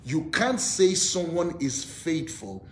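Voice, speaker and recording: A man's voice: very animated, takes it slowly. A man preaching an online devotional sermon, emphatic, repeating words as he builds his points and leading the listeners in spoken declarations. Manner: emphatic preaching, leads call-and-response declarations. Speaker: pastor. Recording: echoey room with faint rumble.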